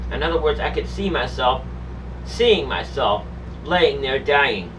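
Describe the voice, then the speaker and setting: A woman telling a harrowing personal story in the first person, in a halting way that keeps repeating and restarting phrases. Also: very deep voice, expressive. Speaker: storyteller recounting a personal ordeal. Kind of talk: emotional first-person testimony. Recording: dull distant recording with faint hum.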